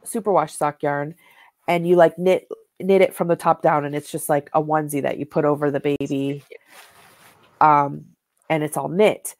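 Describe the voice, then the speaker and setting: A woman's voice: low-pitched, level tone, moderate pace, darkish tone, no echo. A woman co-hosting a knitting show, chatting casually and showing yarn and fabric to the camera, rambling with many "like"s and "um"s.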